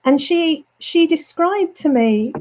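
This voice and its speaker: A woman author with a mild Birmingham accent and flat vowels, going a bit hoarse, chatting in an interview with lots of ums and self-corrections. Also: high-pitched, slow pace, slight background noise, rough recording. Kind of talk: casual interview chat. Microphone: home studio setup.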